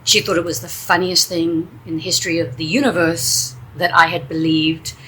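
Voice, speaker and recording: A woman telling a funny personal story in a chatty, animated way. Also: fairly low pitch, moderate pace, a little hiss or hum, poor audio. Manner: chatty, animated, with fillers and restarts. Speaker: storyteller and English teacher. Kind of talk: casual storytelling.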